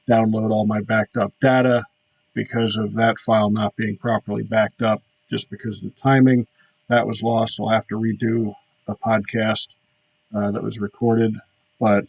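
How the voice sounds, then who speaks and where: A man hosting his podcast, talking through a reflective solo monologue with frequent pauses and fillers. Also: on the low side, creaky, a little mellow, slightly rough, no room sound, rough recording. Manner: reflective, halting with many fillers. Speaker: podcast host.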